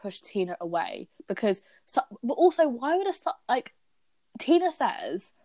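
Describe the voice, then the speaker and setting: A woman's voice: on the high side, moderate pace, no room sound. Chatty young woman retelling a scene. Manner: chatty, animated retelling with quoted voices. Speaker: podcast co-host. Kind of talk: casual chat reviewing a TV episode.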